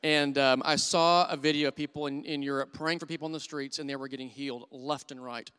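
A middle-aged man preaching a sermon, telling personal stories earnestly and dropping to a hushed voice when he quotes his own thoughts. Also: medium pitch, steady tone, brisk, clean tone. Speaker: church elder preaching. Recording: long hall reverb.

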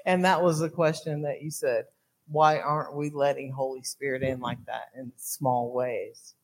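A man's voice: medium pitch, fairly even intonation, normal speed. An earnest man in a casual faith talk, listing his thoughts one after another.

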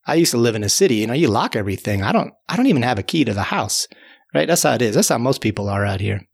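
A man's voice: mid-range voice, very animated, very fast, creaky, breathy edge. A man telling a tall tale in a loose, rambling way, often restarting and adding "you know". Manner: rambling, repeats words and fills with "you know". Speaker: storyteller. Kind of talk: casual spoken tall tale.

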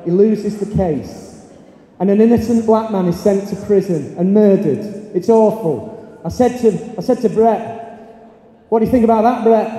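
A man, a teacher telling an animated story on stage and acting out his pupils' voices. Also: high-pitched. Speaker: teacher giving a talk. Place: large hall or stage. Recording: echoey hall, long reverb.

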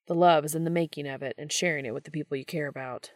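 Woman doing a blunt, gruff male baker. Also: sits low, fairly even intonation, quick pace, no echo, studio quality, natural voice. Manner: plainspoken, gruff.

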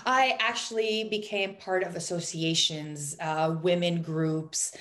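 A woman's voice: on the low side, fairly even intonation, slow pace, fairly bright tone. A woman guest on a podcast interview, a business coach talking earnestly and repeating her key points for emphasis.

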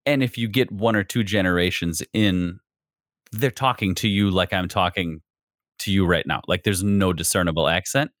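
A man's voice: low-pitched, a bit bright, dry recording, studio quality. A man from Wisconsin with an Upper Midwest accent, hosting a podcast and chatting over a video call in a rambling, self-mocking way. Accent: Upper Midwest American. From Wisconsin, USA. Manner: self-deprecating, rambling, quick to laugh. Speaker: podcast host. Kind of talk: casual interview chat over video call.

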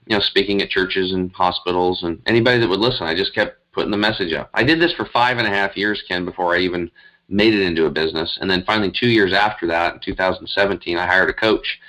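Very deep-voiced man telling his story. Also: bright, forceful tone, poor audio. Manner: rambling, earnest, many fillers and restarts. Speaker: guest, health coach. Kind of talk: casual interview storytelling.

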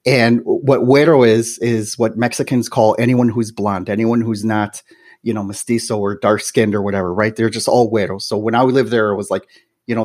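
A man's voice: mid-range voice, a little mellow. A man with a Midwestern American accent hosting a podcast interview, telling stories in a chatty way full of "you know" and "right". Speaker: podcast host. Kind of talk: casual interview chat.

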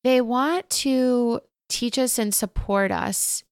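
A woman teaching about Akashic Records in a casual interview, talking gently and openly, telling stories with many fillers. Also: fairly high pitch, takes it slowly, no room sound, clean studio sound. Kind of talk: casual spiritual chat.

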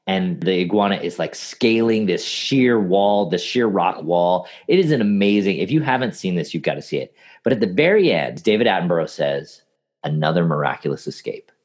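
A man with a very low, deep voice speaks in a relaxed podcast chat. He tells lively stories with energy and explains his ideas to listeners in plain, friendly terms. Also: normal speed. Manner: storytelling, animated anecdotes. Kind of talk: casual podcast conversation.

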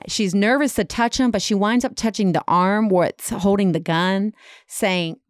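Smooth-voiced woman telling a story casually. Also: medium pitch, moderate pace, no echo, clean studio sound. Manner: dramatic retelling with many fillers. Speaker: podcast storyteller.

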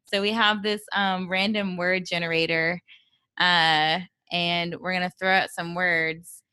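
A woman's voice: lowish voice, little pitch movement, a little slow, pushed and bright, smooth, no echo. A woman co-hosting a podcast, chatty and giggly. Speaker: podcast co-host. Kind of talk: casual podcast chat.

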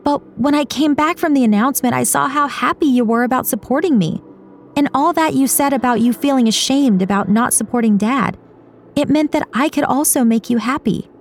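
A woman's voice: high voice, a little fast, slight background noise, pitched above the performer's own voice. A woman reading an audiobook, voicing a young woman runner who is an earnest, anxious daughter, in a pleading, emotional way. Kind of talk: audiobook character voice.

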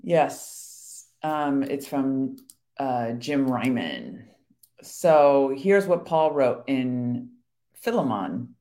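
A woman's voice: a bass voice, animated, extremely slow, mellow. A woman co-hosting a Christian devotional chat with her husband, sharing testimony earnestly and laughing often. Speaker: co-host of a Christian devotional show.

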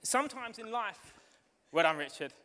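A man preaching a sermon to his church, excitable and building to fervent shouting, with a live demonstration. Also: sits high, moderate pace, a little hiss or hum. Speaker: pastor. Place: church hall. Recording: long hall reverb with music behind.

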